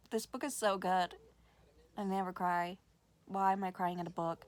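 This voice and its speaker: A woman book vlogger chatting casually, excitable and gushing, swearing freely and filling her talk with "like". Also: lowish voice, moderate pace, pauses often. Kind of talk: casual vlog chat.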